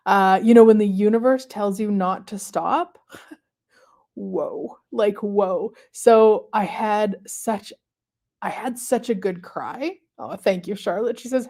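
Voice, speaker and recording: A woman hosting a live stream, talking casually and reflectively to viewers with many pauses and fillers. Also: medium pitch, dark tone. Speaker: host of a manifestation livestream.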